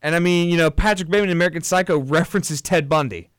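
A man co-hosting a casual film podcast, rambling with lots of restarts and addressing listeners as ladies and gentlemen. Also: a little high, very fast, smooth, no room sound, studio quality. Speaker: podcast co-host.

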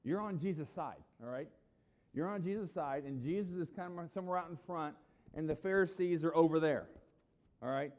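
A man's voice: on the high side, brisk. A middle-aged man preaching a sermon as a pastor, talking conversationally and acting out the people he quotes. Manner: conversational, animated, acts out quoted voices.

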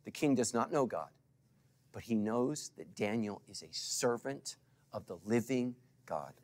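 A middle-aged male pastor preaching to a congregation, swinging from loud calls to hushed asides and asking for responses. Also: lowish voice, expressive, a little slow. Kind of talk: sermon.

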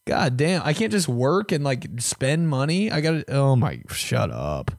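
With a gravelly voice on the high side, a young podcast host rants a little slowly and casually, cursing heavily and acting out mock voices. He is profane and animated, and the recording is dry and clean, studio-level.

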